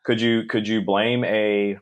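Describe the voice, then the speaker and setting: A man co-hosting a podcast who argues a point in a measured way in casual chat. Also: lowish voice, little pitch movement. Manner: measured, arguing devil's advocate. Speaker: podcast co-host.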